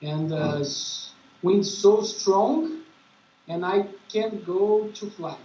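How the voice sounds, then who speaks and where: A high-pitched Brazilian man with a Brazilian Portuguese accent speaks very slowly in halting beginner English, pausing to search for words. He is heard over an echoey, dull lo-fi video call with faint background noise. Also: warm tone. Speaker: paragliding pilot and English student. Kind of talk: casual conversation practice.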